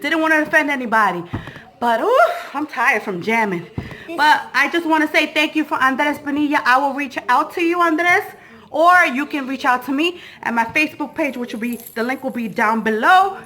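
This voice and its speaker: A woman's voice: sits high, animated, normal speed, sharp tone. A woman hosting a family vlog giveaway, playful and bubbly, laughing often and a bit out of breath.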